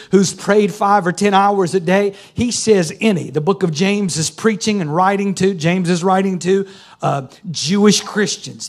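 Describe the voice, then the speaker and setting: A man preaching a sermon, folksy and calling on the congregation to answer. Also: sits high. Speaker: pastor. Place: church sanctuary.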